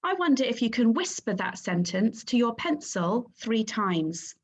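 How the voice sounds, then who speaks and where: A woman teaching a phonics lesson to young children, sounding out letters and syllables clearly and praising the class. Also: fairly high pitch, very animated, unhurried. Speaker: primary school teacher.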